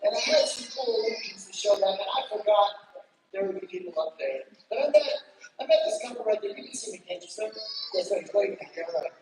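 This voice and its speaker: A woman's voice: medium pitch, fast talker. A woman giving a playful, joking children's church talk with gospel magic tricks, chatting with the congregation. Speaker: guest speaker doing gospel magic tricks. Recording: echoey hall from far off, background noise.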